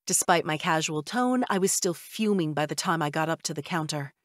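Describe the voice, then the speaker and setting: A woman's voice: sits low, expressive, brisk, hardly any pauses, no echo, studio quality. A woman narrating a first-person audiobook in a wry, conversational way.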